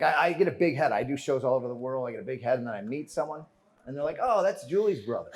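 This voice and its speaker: A man giving a motivational keynote on stage, telling a story with jokes and calling the audience "friends". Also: mid-range voice. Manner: animated, joking, calls the audience "friends". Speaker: keynote speaker. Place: conference stage before a live audience.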